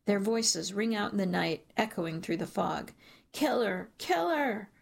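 Gravelly, husky woman narrating a story. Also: mid-range voice. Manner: measured storytelling. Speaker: audiobook narrator. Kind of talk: first-person scripted narration.

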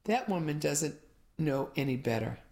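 A woman's voice: low voice, expressive, moderate pace, darkish tone. A woman voicing a sarcastic grumpy dad. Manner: sarcastic, dismissive. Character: grumpy middle-aged father.

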